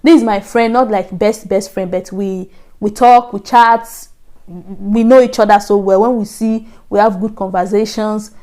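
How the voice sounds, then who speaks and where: A Nigerian woman vlogger telling a personal story in a lively, animated way, acting out the voices she quotes. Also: medium pitch, normal speed. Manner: animated, acts out quoted voices, frequent laughs. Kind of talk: casual storytelling.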